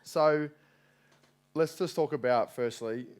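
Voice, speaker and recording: A man hosting a live community event and interviewing a guest on stage, speaking in loose, relaxed phrasing. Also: fairly high pitch, takes it slowly.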